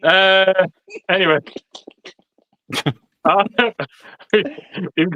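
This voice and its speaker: A man's voice: high-pitched, steady tone, extremely slow, bright, forceful tone, muffled recording. A man hosting a casual livestream chat, swearing often and laughing as he stumbles over restarts. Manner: swears constantly, laughs a lot, stammers on restarts. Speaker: livestream host.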